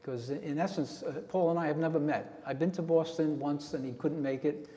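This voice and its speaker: A man's voice: on the high side, steady tone, normal speed, warm tone. A man leading a radio club meeting, telling a rambling casual story to the members. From New Jersey. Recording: echoey hall with long reverb.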